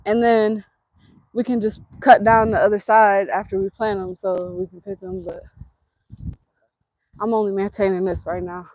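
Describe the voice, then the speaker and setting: A woman's voice: mid-range voice, little pitch movement, moderate pace, long pauses, a little mellow, lo-fi sound. A woman giving a casual walking tour of her rural land, chatting and thinking aloud as she goes while her husband films. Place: outdoors on a rural trail. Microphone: husband's handheld camera.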